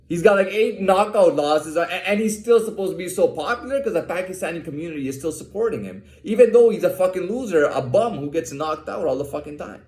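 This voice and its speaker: A man's voice: high-pitched, lively intonation, fast talker, few pauses, a little mellow, roomy sound. A man ranting in an agitated monologue, swearing a lot and restarting his sentences. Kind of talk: profane monologue to camera.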